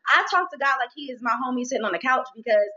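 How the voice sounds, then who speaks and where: Animated woman talking candidly. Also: sits high, fast, dull audio. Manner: animated, expressive, acts out inner dialogue. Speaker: guest, merch business owner. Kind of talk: candid faith conversation.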